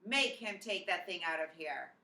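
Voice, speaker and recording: A woman voicing a pompous, booming middle-aged man who lectures about manners. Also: lively intonation, normal speed, creaky, bright, forceful tone, reverberant, heavily acted.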